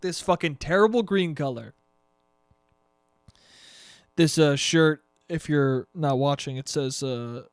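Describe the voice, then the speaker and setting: Young male podcast host, high-pitched, swears a lot, rambles and mocks himself, dry close recording. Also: slow pace, pauses often, dry recording. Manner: profane, rambling, self-mocking. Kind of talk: casual solo podcast chat.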